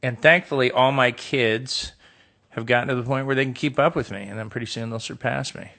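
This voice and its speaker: Man, middle-aged, from the United States, gravelly voice, casual phone live stream, dry sarcastic humor, reading fan questions. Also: medium pitch, brisk, pushed and bright. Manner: reads questions aloud and riffs with dry, joking sarcasm. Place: indoor room with a window.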